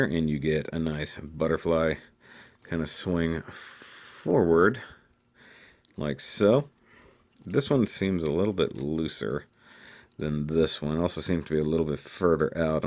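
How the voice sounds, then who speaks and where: Low-voiced man reviewing a model kit. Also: a little mellow. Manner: chatty, thinking aloud while handling the kit. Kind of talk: casual product review.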